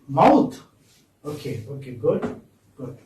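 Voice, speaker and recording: A man's voice: mid-range voice, very animated, a little mellow, a little hiss or hum. A male teacher, giving a phonetics lesson in a classroom and prompting students with repeated questions. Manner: slow, drawn-out, coaxing students with repeated questions. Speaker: English teacher. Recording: echoey classroom from far off.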